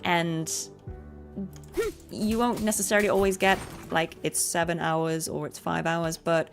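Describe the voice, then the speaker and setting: A woman chats while she plays, giving sincere career advice broken by ums and small laughs. Her voice has a gravelly fry to it. Faint game music plays behind her. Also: on the low side, level tone, unhurried. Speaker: voice actor and streamer. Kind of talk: casual chat while gaming.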